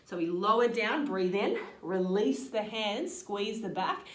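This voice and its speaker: Woman, fitness instructor, calm step-by-step cues, roomy echo, distant mic. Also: medium pitch, unhurried. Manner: calm step-by-step cueing with breath counts. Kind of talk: guided workout instruction.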